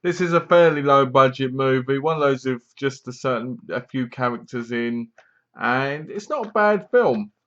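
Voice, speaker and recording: A man's voice: medium pitch, expressive, normal speed, a bit bright, lo-fi sound. A man casually reviewing a movie, rambling along, leaning on "basically" and correcting himself as he goes. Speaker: film reviewer.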